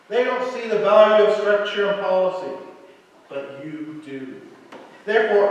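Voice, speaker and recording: A man's voice: high voice, dull audio. A man preaching a sermon as a pastor, telling a story dramatically and acting out the characters' lines. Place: church sanctuary. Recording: echoey church hall, mic far off.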